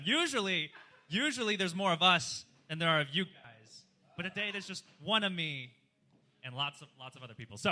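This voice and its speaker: A man's voice: a little high, sharp tone. A man doing live stand-up comedy in a club, chatty and self-deprecating as he riffs with the crowd. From outside the US.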